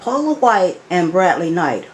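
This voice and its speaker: A woman's voice: fairly low pitch, big pitch swings, unhurried, echoey room, slight background noise, low-quality recording. A woman commentator giving critical commentary on a clip, emphatic and repeating her points.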